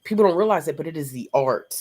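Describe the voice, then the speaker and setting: Low-pitched woman panelist, outspoken and teasing in a casual book chat. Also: animated, quick pace, darkish tone, husky. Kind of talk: casual live book discussion.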